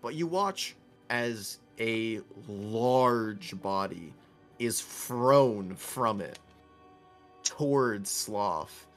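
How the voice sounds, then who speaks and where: A man's voice: lowish voice, animated, extremely slow, a bit bright, faint music behind. A man narrating a tabletop game as game master, telling the scene vividly with laughs and swearing.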